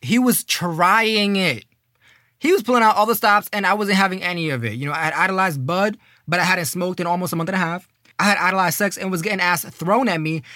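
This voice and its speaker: A young man casually telling a personal story, slangy and animated, with lots of fillers. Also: sits high, fairly quick, no echo, clean studio sound.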